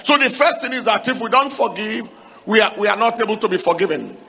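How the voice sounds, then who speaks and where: Gravelly, high-pitched male preacher. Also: expressive, fast, highs cut off, a little hiss or hum. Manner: emphatic, rising to shouts to drive points home; asks the congregation rhetorical questions. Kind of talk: sermon.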